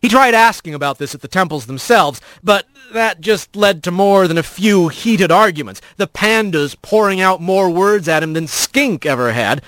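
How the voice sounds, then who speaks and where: A man narrates a storybook with an expressive, animated delivery. His voice sits high and moves through a wide range. The recording is close and completely dry. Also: moderate pace, hardly any pauses, dry recording. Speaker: audiobook narrator.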